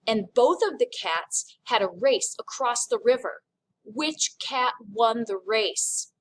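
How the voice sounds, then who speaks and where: A woman with a fairly high voice teaches a recorded French lesson at an unhurried pace. She speaks clearly and encouragingly, slipping in small jokes as she goes. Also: expressive, rough recording.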